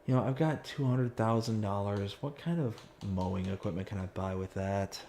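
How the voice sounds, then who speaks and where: Fairly low and warm, this man's voice moves at a normal speed against slight background noise. He's live-streaming a farming game, chatting casually, reading comments out loud, and making fun of himself in sudden bursts of frustration.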